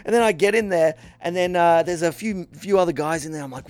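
A man's voice: on the high side, fairly quick, clean tone, no echo. A man co-hosting a casual podcast chat, telling a rambling story, swearing freely and acting out what people said. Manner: animated, swears freely, acts out quotes in character. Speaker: podcast co-host.

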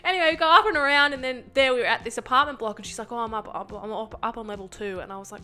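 A young woman telling a story in casual chat, animated, swearing and acting out the people she quotes. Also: on the high side, fast, few pauses, soft background music.

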